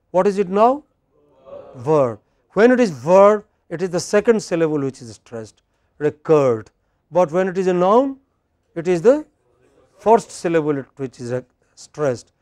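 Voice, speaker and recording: A man's voice: sits high, a little mellow, no room sound. Patient man teaching pronunciation drills. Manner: patient, gives short prompts and models words slowly. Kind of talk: classroom drill lesson.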